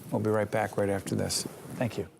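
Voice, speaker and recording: A man hosting a TV interview, energetic and quick to jump in with questions. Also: fairly low pitch, gravelly, noisy background. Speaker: TV interview host. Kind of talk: studio interview. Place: university campus studio.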